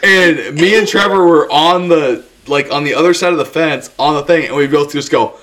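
A man's voice: fairly high pitch, normal speed, background noise. A man telling a rambling, crude story in a casual podcast chat, laughing often as he goes. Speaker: podcast co-host.

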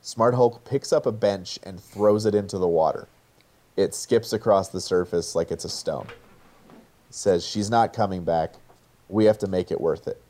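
Male narrator, low and warm, recounting a movie plot in a casual tone. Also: moderate pace. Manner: recounts a film scene by scene, quoting lines.

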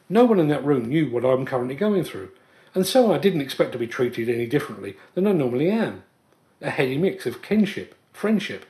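Earnest, lively-voiced male podcast host. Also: medium pitch. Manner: earnest, measured storytelling. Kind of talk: reflective scripted monologue.

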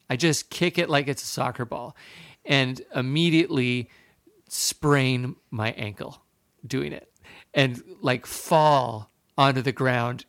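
A man in his thirties tells a long personal story in casual podcast talk. He rambles and pokes fun at himself, with lots of fillers and restarts. His voice sits at an ordinary middle pitch and is recorded close and dry. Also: fairly bright tone, no echo. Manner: rambling, self-deprecating, many fillers and restarts. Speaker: podcast guest.

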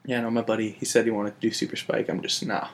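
A man's voice: fairly low pitch, level tone, fast talker. A young man co-hosting a casual podcast chat, easygoing, swearing casually and laughing a lot.

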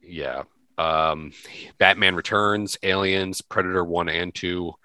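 A man's voice: low-pitched, fairly even intonation, takes it slowly, pushed and bright, no room sound. A man co-hosting a podcast, chatting casually and rambling through lists with lots of fillers. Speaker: podcast co-host. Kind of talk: casual chat.

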